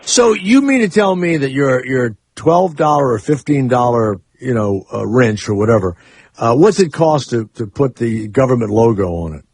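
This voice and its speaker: A man's voice: medium pitch, animated, moderate pace, darkish tone, slightly rough, no room sound. A man hosting a radio talk show, rambling and opinionated in casual chat. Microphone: studio microphone.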